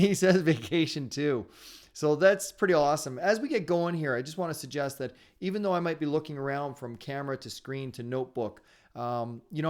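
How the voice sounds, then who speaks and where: A man hosting a live online sales training webinar, talking fast in an upbeat, encouraging way. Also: a little high. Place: his home area in Ontario.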